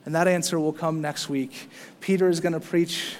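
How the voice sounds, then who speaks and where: Animated high-voiced male preacher in a reverberant hall. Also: moderate pace, a little hiss or hum. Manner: animated, preaching with rising emphasis and playful asides. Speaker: pastor. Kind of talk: sermon. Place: church sanctuary.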